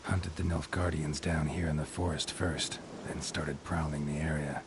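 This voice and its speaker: A gruff middle-aged monster hunter in a video game, his voice extremely deep and flat. He talks in clipped, matter-of-fact fragments, cool and terse. Loud background noise runs under the game audio. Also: moderate pace. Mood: terse analytical. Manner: clipped, matter-of-fact, dropping subjects from sentences.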